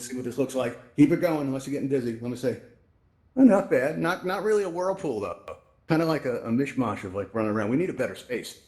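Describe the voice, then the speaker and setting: A man's voice: mid-range voice, a little mellow, roomy sound. A man hosting a live virtual reality event, upbeat and chatty as he coaches the audience through the controls. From New York. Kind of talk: live instructional walkthrough. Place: virtual reality social space. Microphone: VR headset microphone.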